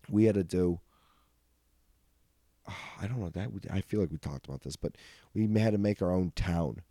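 Young male podcast host with a low, dark voice who rambles through profane anecdotes and laughs a lot. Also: no room sound, clean studio sound. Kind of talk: casual comedic storytelling.

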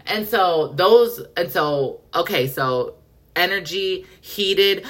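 A woman's voice: lowish voice, sing-song, measured pace, fairly bright tone. A woman hosting a podcast in casual pop culture chat, effusive and profane, acting out quotes dramatically. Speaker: podcast host.

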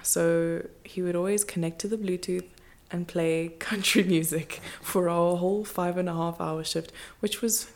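A woman's voice: on the low side, fairly even intonation, a little slow, hardly any pauses. A woman co-hosting a podcast in casual chat, laughing often as she talks. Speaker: podcast co-host.

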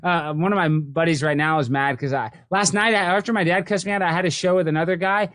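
Fast-talking man, rambling podcast host. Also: a little high, fairly even intonation, a bit bright. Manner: rambling, lots of restarts and fillers. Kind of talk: casual podcast chat.

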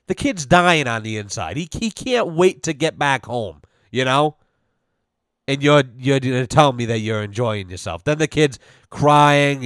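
A man's voice: a little high, dry recording, studio quality. A man ranting bluntly and sarcastically as a podcast host, swearing constantly. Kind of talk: casual profane rant.

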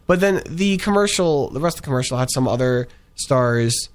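A man's voice: medium pitch, animated, normal speed. A young man chatting casually about ads he has seen, rambling with plenty of fillers and restarts. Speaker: co-host reviewing ads. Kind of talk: casual chat.

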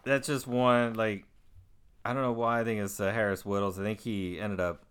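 A man co-hosting a casual podcast chat, retelling favorite comedy scenes with lively energy and laughter. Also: on the low side, moderate pace, clear, resonant tone. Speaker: podcast co-host.

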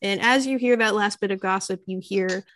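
A woman's voice: medium pitch, normal speed, fairly bright tone, dry recording. Casual woman game master, dry sound. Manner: casual, filler-heavy narration. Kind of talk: narrating a tabletop game.

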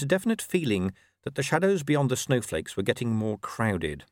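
Expressive man narrating an audiobook. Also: mid-range voice, normal speed, dry recording, studio quality. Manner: expressive, wry storytelling. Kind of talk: scripted narration.

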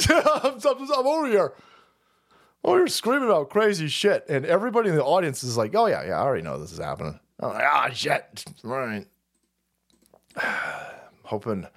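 Rowdy foul-mouthed male streamer, very animated. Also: a little high. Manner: foul-mouthed, rowdy, laughs and shouts often. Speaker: livestream host. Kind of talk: crude political rant with live chat.

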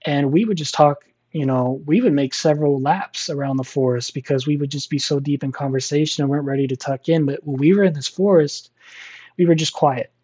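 Mellow-voiced man telling a creepy story. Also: on the high side, a little fast, breathy edge, dull audio. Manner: rambling, many fillers and restarts. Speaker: storyteller guest. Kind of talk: casual spoken storytelling.

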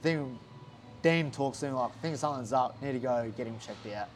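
A man's voice: medium pitch, moderate pace, faint music behind. A young Australian man, a fighter, telling a story in a casual interview, swearing a lot and acting out what others said. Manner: swears a lot, acts out quotes animatedly.

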